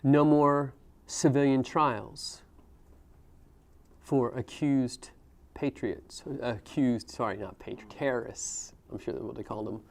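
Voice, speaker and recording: A man's voice: medium pitch, fairly even intonation, slow, creaky. A man teaching a history class, talking conversationally and asking students questions as he goes. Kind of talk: classroom lecture.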